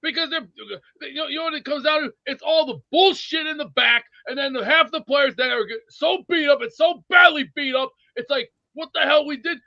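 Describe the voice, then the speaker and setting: A man's voice: very high voice, brisk, gravelly, hardly any pauses, dry recording, heavily acted. A man playing a blustery old sports-fan crank. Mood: ranting. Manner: rambling, blustery, excitable rants. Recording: dull dry lo-fi sound.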